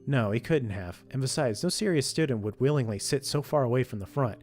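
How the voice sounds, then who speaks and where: A man reading a visual novel's story text aloud, steady with frequent slips and self-corrections. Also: mid-range voice, a little fast, hardly any pauses, soft background music. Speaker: let's play streamer reading a visual novel.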